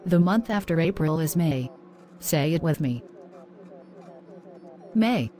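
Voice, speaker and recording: A woman playing an excited, proud teacher character in a scripted English lesson. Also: deep voice, takes it slowly. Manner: excited, encouraging.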